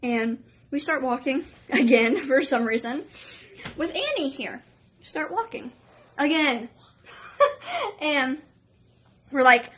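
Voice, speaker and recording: Female vlogger with a high-ish voice, excitable storytelling full of fillers. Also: slow pace, pauses often, slight background noise. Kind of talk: storytime vlog.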